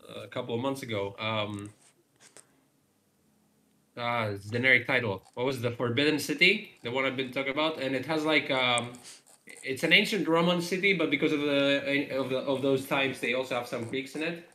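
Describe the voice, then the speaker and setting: Bright-voiced man chatting in a roomy echo. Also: medium pitch, steady tone, normal speed. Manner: rambling, many fillers, frequent laughs. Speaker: game developer streaming live. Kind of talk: casual live-stream chat.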